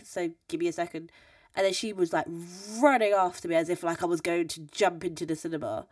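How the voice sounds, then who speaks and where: A woman's voice: fairly low pitch, no echo. A young woman tells stories on a podcast. She talks casually and with plenty of energy, acts out the voices of the people she meets, and laughs and swears as she goes. She sits a little back from the mic in a dry, dead room. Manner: animated, mimics people in quotes, laughs often, swears. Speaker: podcast host. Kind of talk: casual storytelling chat. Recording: dry, slightly distant mic.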